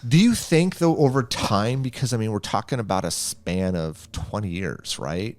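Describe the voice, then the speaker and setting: A man's voice: fairly low pitch, animated, normal speed. A man co-hosting a film review podcast in casual chat, musing aloud and asking questions as he restarts his thoughts. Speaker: podcast co-host.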